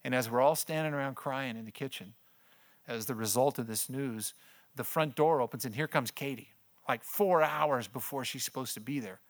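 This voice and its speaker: An older man, a pastor and missions speaker, giving a conversational personal testimony and laughing often as he tells it. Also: normal speed. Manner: conversational storytelling, laughs often, voice drops low in heavy moments.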